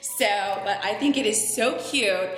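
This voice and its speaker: Friendly woman talking thru her home decorating, super echoey room, soft music behind. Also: fairly high pitch, a little slow. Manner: chatty, upbeat, addresses viewers directly. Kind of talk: casual decorating tutorial narration.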